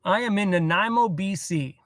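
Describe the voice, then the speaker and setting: A man's voice: high voice, normal speed, a bit bright. A man chatting casually on a phone livestream from inside his parked van, rambling and laid-back. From Canada. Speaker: van life vlogger. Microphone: cell phone.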